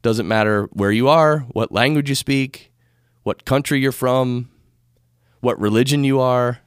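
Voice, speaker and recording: A man from America hosts a conversational podcast on spirituality, rambling and correcting himself along the way. He speaks at a measured pace in a smooth, medium-pitched voice, recorded cleanly on a studio microphone with no room sound.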